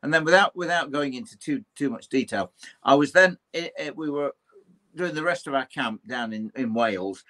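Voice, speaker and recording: Lively older Englishman telling a ghost story. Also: medium pitch, moderate pace. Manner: lively anecdotal telling, acting out quoted voices, swears mildly. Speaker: interview guest, historian and paranormal investigator. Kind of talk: animated storytelling in conversation.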